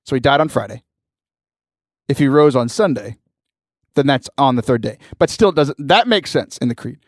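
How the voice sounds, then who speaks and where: Animated man telling a story. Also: medium pitch, normal speed, no echo, studio quality. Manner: animated, laughing often, mimics voices in anecdotes. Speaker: podcast host. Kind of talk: casual storytelling.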